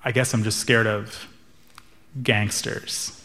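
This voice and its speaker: A man's voice: fairly low pitch, level tone, slow, background noise, voice pushed down. A man doing a nervous, spooked young guy.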